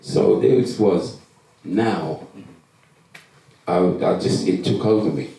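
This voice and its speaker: A man's voice: low voice, slow pace, vocal fry. A man, a former professional footballer, telling his life story to a live audience and acting out the conversations in it. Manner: animated storytelling, acting out quoted exchanges. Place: event hall. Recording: echoey hall, distant mic.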